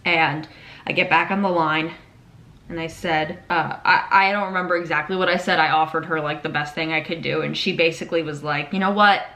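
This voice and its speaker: A young woman talks straight to camera in a casual confessional chat. She is frank and animated, drops curse words freely, and acts out the things other people said to her. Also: low voice, fairly quick. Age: 20s. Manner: candid, animated, swears freely, acts out quotes. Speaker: vlogger; patient navigator.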